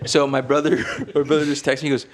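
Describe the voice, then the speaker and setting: A young man, telling a story on a podcast in an animated way with lots of fillers, acting out quotes. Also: mid-range voice, fast, background noise. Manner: animated, heavy filler words, acts out quotes. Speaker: podcast co-host. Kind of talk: casual storytelling.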